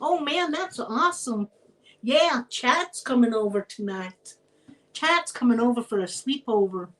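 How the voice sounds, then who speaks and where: A woman's voice: on the high side, animated, a little slow, fairly bright tone, a little hiss or hum. A woman putting on an exaggerated, upbeat young American voice with a put-on American accent, as a playful impression. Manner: playful, over-the-top impression.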